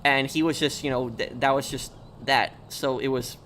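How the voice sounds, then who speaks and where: A man's voice: mid-range voice, fairly even intonation, moderate pace, fairly bright tone, slight background noise. A man chatting casually on a gaming live stream, telling rambling stories and answering viewers' questions. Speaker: game streamer.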